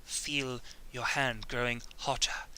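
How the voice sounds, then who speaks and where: A man putting on a cold, commanding old witch woman in whispered role-play, slow and hissing. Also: mid-range voice, fairly even intonation, pushed and bright, smooth, pitched below the performer's own voice. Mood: menacing.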